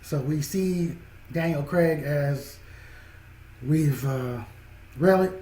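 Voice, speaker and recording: A man's voice: fairly high pitch, takes it slowly, mellow. A man giving a casual spoken film review, rambling and restarting his phrases. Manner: rambling, repeats and restarts phrases, chuckles often. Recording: echoey room with faint background noise.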